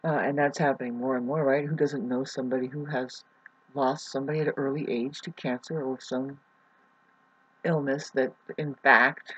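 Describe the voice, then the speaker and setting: Husky-voiced woman in her forties, rambling. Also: rumbling low, steady tone, muffled recording. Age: 40s. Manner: halting, with many fillers and restarts. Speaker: astrology vlogger. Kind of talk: casual rambling astrology talk.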